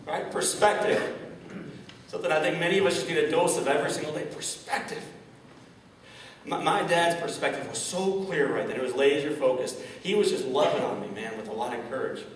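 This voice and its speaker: Talking fast and barely pausing, a man with a voice on the high side gives an inspirational keynote, telling a personal story straight to the audience. He's a motivational speaker in a large event hall, picked up by a distant mic with echo and slight hiss or hum.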